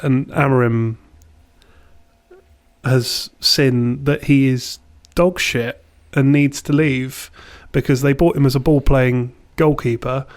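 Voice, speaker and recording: A young man co-hosting a podcast, giving blunt, dry opinions in casual chat. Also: mid-range voice. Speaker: podcast co-host.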